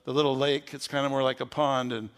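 An older man, a pastor with a gravelly voice, preaching a sermon with folksy stories that rise into fervent preaching. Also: mid-range voice, little pitch movement, fast, long reverb tail.

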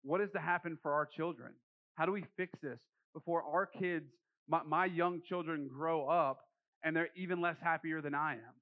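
A young man preaching a sermon as pastor, conversational and joking, slipping into quoted voices as he retells a scripture scene. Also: a little high. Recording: muffled lo-fi sound.

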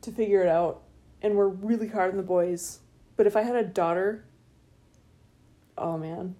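A middle-aged woman co-hosting a podcast, chatting casually and telling stories with lively acted-out voices. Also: medium pitch, normal speed. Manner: animated storytelling, acts out voices. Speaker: podcast co-host. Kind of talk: casual chat.

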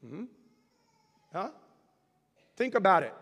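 A male pastor preaching a sermon in a church, moving from calm teaching to loud shouted calls to praise. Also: high voice, slow, gravelly, big-room sound. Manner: preaching, swings from quiet teaching to shouted exhortation. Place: church sanctuary.

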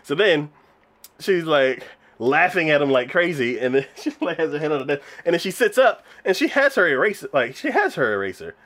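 A man's voice: fairly high pitch, big pitch swings, fairly quick, a bit bright. A man casually recapping a show's scenes, with many fillers and frequent laughter. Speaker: podcast co-host reviewing anime. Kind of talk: casual chat.

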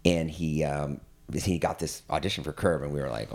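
A man talking as a guest in a casual chat, telling stories in a halting way and laughing often. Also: very deep voice, steady tone, creaky, a little mellow.

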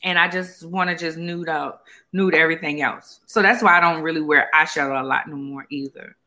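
A woman's voice: deep voice, fairly even intonation, fairly quick, sharp tone. A woman co-hosting a podcast in casual chat, rambling with fillers and sounding tired. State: tired, yawning. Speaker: podcast co-host.

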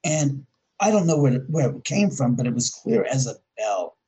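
Guy rambling thru his haunted house stories, husky kinda mellow voice, keeps correcting himself. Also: medium pitch, moderate pace, low-quality recording. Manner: rambling, self-correcting, animated when retelling. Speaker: guest, haunted house owner. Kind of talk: casual interview storytelling.

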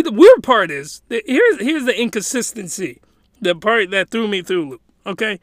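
High-voiced excitable male recapper. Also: moderate pace, no echo, studio quality. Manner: animated, laughing, rambling with restarts. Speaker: video commentator.

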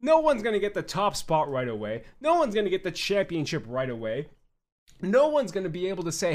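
A young man rants on his podcast in a high, lively voice that leaps up and down as he argues. He is blunt and swears freely, firing off short punchy points. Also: a little fast. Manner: blunt and profane, mocking fans in quoted voices. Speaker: podcast host. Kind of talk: opinionated podcast rant.

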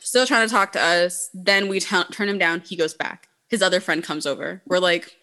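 Woman, co-host, bright tone, casual chat, blunt, profane. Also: fairly low pitch, fairly even intonation, moderate pace. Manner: blunt and profane, heavy use of "like".

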